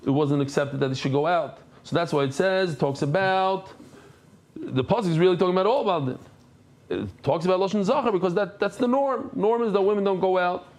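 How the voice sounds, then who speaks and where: In his daily Talmud class, a man reads the Aramaic and explains it in English, at times moving into a gentler storytelling mode. He is high-pitched and talks slightly quickly.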